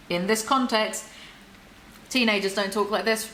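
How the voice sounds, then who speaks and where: Woman doing snarky asmr book roast, bright tense voice, kinda echoey room. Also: mid-range voice, fairly even intonation, moderate pace, pauses often, a little hiss or hum. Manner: sarcastic, wry, mocking asides. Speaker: ASMR book commentary host. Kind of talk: soft-spoken ASMR commentary, reading aloud.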